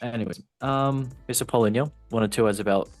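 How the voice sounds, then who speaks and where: A man's voice: medium pitch, a little fast, no room sound, soft background music. A man hosting a casual football podcast, reading news items aloud and cutting in with joking asides. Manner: jokey, loose, asides while reading. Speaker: podcast host.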